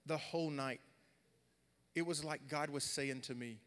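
Animated male preacher in a reverberant hall. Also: a little high, a little slow, long pauses. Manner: animated, swings from loud storytelling to quiet earnest talk. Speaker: pastor. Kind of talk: sermon storytelling.

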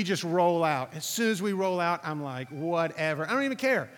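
A man preaching, telling a lively personal story to his audience, acting out what others said, then drawing a lesson from it. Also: on the high side, moderate pace, few pauses. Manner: animated storytelling, acting out quotes, asking the audience. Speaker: pastor. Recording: reverberant hall recording.

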